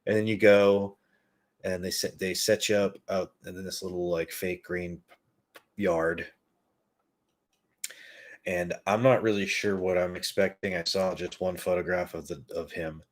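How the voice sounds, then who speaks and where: Man, podcast host, casual comedic storytelling, rambling, profane, self-mocking, deep voice. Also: flat delivery, measured pace, pauses often.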